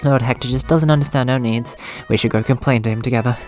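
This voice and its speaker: A man's voice: mid-range voice, steady tone, fast, darkish tone, faint music behind, natural voice. A man reading the lines of a vain, bossy young female cleric who demands servants and praise. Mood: demanding. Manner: self-absorbed, demanding. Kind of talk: reading game dialogue aloud.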